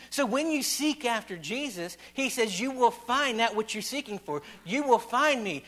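Male preacher, high voice, repetitive sermon delivery that swings from hushed to loud. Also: expressive, moderate pace, hardly any pauses, poor audio.

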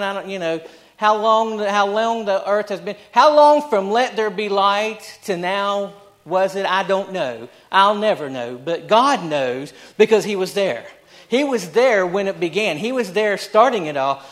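High-voiced man preaching emphatically. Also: fairly bright tone. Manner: emphatic, repetitive preaching with rhetorical questions. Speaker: pastor. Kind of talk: sermon.

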